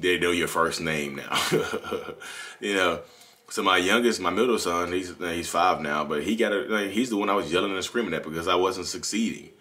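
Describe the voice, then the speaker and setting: A man's voice: sits low, bright, forceful tone. A man, hosting a candid, rambling confessional monologue and often correcting himself. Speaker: channel host.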